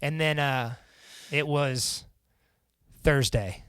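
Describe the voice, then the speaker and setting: A man's voice: on the high side, very slow, fairly bright tone, clear, resonant tone, no echo, clean studio sound. A young man from Central Indiana, a podcast guest casually telling a personal story, swearing freely and acting out what others said. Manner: casual and profane, acts out the quoted lines.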